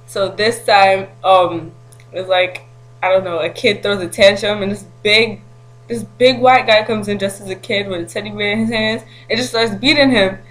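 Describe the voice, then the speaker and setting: A woman rambling to her camera in a casual vlog. She talks in slang and tells her story with lots of energy, laughing as she goes. Her pitch sits in an average range. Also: moderate pace, poor audio. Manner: animated and slangy, breaks into laughter. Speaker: vlogger.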